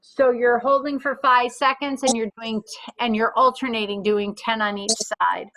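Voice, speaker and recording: A woman instructor with a bright, slightly high voice guides a group through floor exercises. She calls out positions and reps one cue at a time and tells people it is fine if they can't manage a move. Her talk is clear and patient. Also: fairly even intonation, moderate pace, rough recording. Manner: clear step-by-step cues with gentle reassurance. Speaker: fitness instructor.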